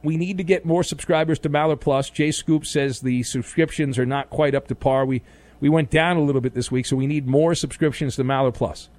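A man hosting sports talk radio in a playful, teasing way, now and then breaking into mock outrage. His voice sits a little high for a man. It comes across close and dry, with no room sound. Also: fairly even intonation, fairly quick, darkish tone, dry recording. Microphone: studio microphone.

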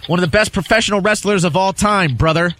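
A man's voice: high-pitched, fast, fairly bright tone, no room sound. A man co-hosting a sports radio show, running a quiz round with upbeat, playful banter. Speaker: radio co-host.

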